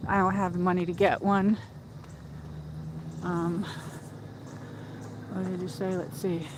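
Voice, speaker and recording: Amid a noisy background, a woman with a fairly low, level voice takes her time while livestreaming from a park. She's climbing a hill outdoors, chatty, rambling, and breathless, speaking into a phone mic.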